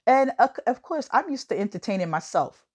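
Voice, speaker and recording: An American woman hosting a podcast, talking casually in an animated way, laughing often and swooping up high for emphasis. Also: brisk. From United States. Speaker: podcast host. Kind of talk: casual monologue.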